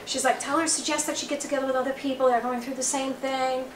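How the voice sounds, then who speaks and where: This Long Island, New York woman talks fast in a high voice that barely moves in pitch. As a psychic reader doing a live session for a small bookstore audience, she chats and rambles, quoting the messages she passes along. It's recorded from far off in a roomy space with a little background noise.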